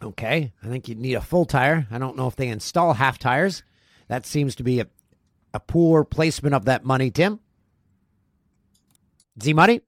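A man's voice: mid-range voice, no echo. A man hosting a casual podcast, reading listener emails and joking between them. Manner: animated, jokey, reads emails aloud with quick asides. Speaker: podcast host.

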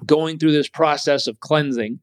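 Animated male storyteller, dry sound. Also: a little high, normal speed, no room sound. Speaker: guest. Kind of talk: personal storytelling in an interview.

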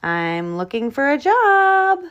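Little bear cub played by a woman, eager, childlike, higher voice, slow storybook reading. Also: sing-song, fairly bright tone, dull audio, full character voice. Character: small stubborn young male bear cub. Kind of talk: storybook read-aloud.

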